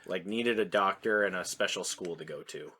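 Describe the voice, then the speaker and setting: A man's voice: deep voice, normal speed, bright, forceful tone, a little hiss or hum. A man co-hosting a podcast, joking casually about a movie and chiming in with punchlines. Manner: joking, laughs, cuts in with punchlines. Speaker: podcast co-host. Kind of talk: casual movie review chat.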